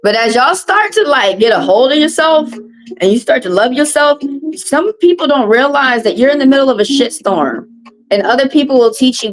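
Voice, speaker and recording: A woman's voice: high-pitched, animated, normal speed, rough recording. A woman hosting a tarot live stream, talking bluntly and profanely in a casual monologue and repeating phrases for emphasis.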